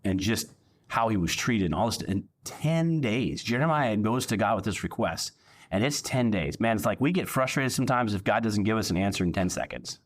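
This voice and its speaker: A man's voice: on the low side, expressive, moderate pace. A male pastor preaching a sermon in a casual, joking, conversational way.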